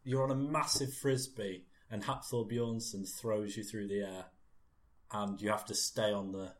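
A man's voice: lowish voice, fairly even intonation, a little slow. A young man co-hosting a comedy podcast, telling stories with lots of restarts. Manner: hesitant, repeats words while spinning a tale. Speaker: podcast co-host. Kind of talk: casual comedy chat.

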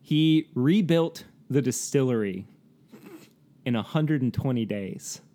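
A man's voice: mid-range voice, animated, slow, warm tone. Chatty man with a rambling delivery. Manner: rambling and self-correcting, laughs often. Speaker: co-host of a whiskey tasting show. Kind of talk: casual chat.

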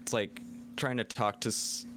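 Casual low-voiced man telling stories. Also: fairly even intonation, moderate pace, a bit bright, slight background noise. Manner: rambling storyteller, acts out quotes. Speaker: podcast co-host. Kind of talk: casual chat over beers.

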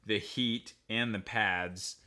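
A young man in casual podcast chat who tells lively anecdotes and swears freely, recorded on a home mic. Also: on the low side, slow. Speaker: podcast participant. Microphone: home mic on a remote podcast setup.

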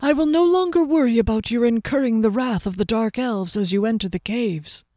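A woman's voice: on the high side, fairly quick, a little mellow, dry recording, studio quality, pitched above the performer's own voice, natural voice. A woman voicing a formal, earnest male swordsman. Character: reserved male swordsman, secretive and gracious.

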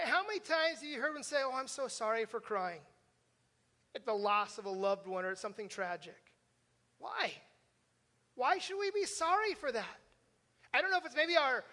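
A man's voice: very high-pitched, pushed and bright. A male pastor preaching a sermon in a conversational way, tossing questions to the congregation and joking about himself. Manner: conversational, asks the congregation questions with frequent "right?"; self-deprecating humor. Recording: long reverb of a church hall.

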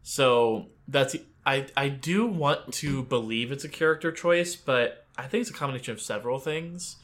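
Measured, opinionated podcast co-host. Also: mid-range voice, fairly bright tone. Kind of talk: casual chat.

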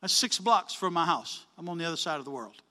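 A man telling a story in a sermon, animated, acting out the dialogue with changes of voice. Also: on the high side, fast talker, big-room sound. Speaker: preacher.

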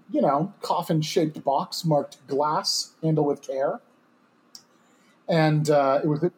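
A young man hosting a podcast, telling a story in a rambling way with many fillers and chuckling asides. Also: on the high side. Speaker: podcast co-host. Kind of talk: casual storytelling chat.

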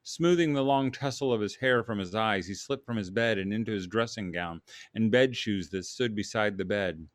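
Man, podcast host, low voice, relaxed, hesitant, reads a story aloud, dry sound. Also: dry recording. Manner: relaxed, hesitant, with many fillers. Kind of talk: casual chat, then storybook reading.

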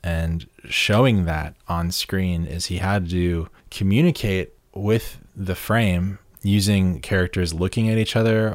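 A man co-hosting a podcast, talking through a film in a measured, analytical way. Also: deep voice, no echo. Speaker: podcast co-host.

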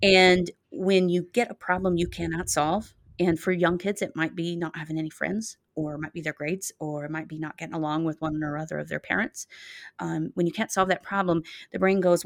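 A middle-aged woman speaks in an earnest, measured way, her voice set a little low. The sound is close and dry, with no room around it. She explains her advice carefully, pausing on fillers and restarting her phrases. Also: steady tone, dry recording. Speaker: child therapist guest. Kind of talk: podcast interview, advice.

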